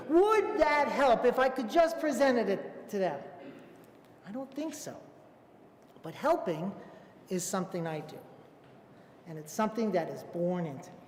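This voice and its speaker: A man's voice: very high voice, expressive, normal speed, pauses often. Self-mocking storyteller man in an echoey hall. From Brooklyn, New York. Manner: self-mocking, comic asides. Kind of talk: live stage storytelling. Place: theater stage.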